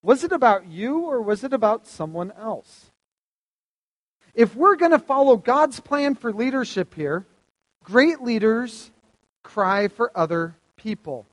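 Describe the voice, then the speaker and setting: A man's voice: very high-pitched, expressive, unhurried, in a large hall. A man preaching a sermon to a live audience, conversational and asking them questions. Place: hall with stage lights.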